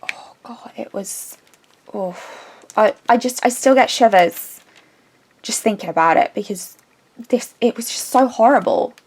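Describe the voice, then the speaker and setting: A woman's voice: a little high, moderate pace, slightly rough. Rambling woman telling a story. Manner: rambling, animated retelling with many restarts. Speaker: craft vlogger. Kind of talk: casual storytelling chat.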